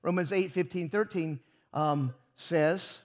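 A man's voice: fairly high pitch, slow pace. A pastor preaching a sermon to his congregation, emphatic and full of rhetorical questions.

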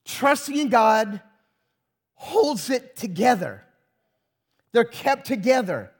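A man's voice: very high-pitched, very animated, slow pace, slightly rough. A pastor preaching a sermon to his congregation, emphatic and full of rhetorical questions.

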